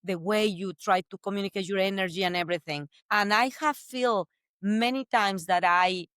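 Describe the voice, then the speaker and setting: Here the middle-aged guest, an entrepreneur with a Spanish accent, has a smooth, medium-pitched voice and a moderate pace, captured in studio quality with no room sound. Her storytelling in this casual interview is animated, with many restarts and bursts of laughter.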